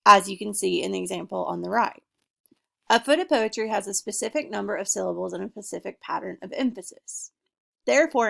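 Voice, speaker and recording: A young woman giving a class presentation, reading her points in an earnest, measured way. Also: medium pitch, gravelly, fairly bright tone. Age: young adult. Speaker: student presenter. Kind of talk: class presentation, read from notes.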